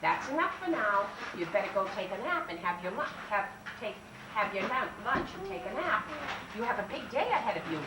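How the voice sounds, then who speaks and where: A woman's voice: medium pitch, big pitch swings, background noise, close to an everyday voice. A woman reading as a kindly play lady. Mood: gently firm. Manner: hurried, stumbling over words. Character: kindly hospital play lady, firm but gentle. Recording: roomy 1970s library tape, mic far off.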